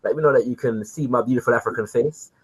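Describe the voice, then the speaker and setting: A man hosting a live online talk show, greeting his viewers. He talks in an animated, informal way, with many "you know what I mean" fillers. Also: mid-range voice, fast, slightly rough, poor audio. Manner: animated, repeatedly addresses viewers as kings and queens. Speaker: livestream show host.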